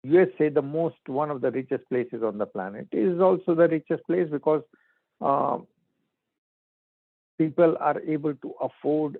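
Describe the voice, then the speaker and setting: A man's voice: medium pitch, creaky, no room sound. Man teaching over a tinny line. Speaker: spiritual teacher. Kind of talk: spiritual talk. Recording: dry phone-like line.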